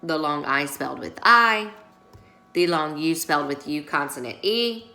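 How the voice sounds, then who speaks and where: A woman's voice: low-pitched, expressive, unhurried, sharp tone, roomy sound, low-quality recording. A woman teacher giving a recorded lesson, explaining workbook pages patiently and often checking in with her class. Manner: patient, instructive, frequent check-ins.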